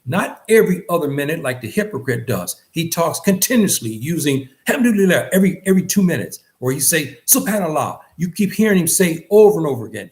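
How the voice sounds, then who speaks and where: A man teaching a lesson on faith in an earnest lecture style, repeating phrases and rising in pitch on key points. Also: darkish tone. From West Africa. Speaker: religious teacher.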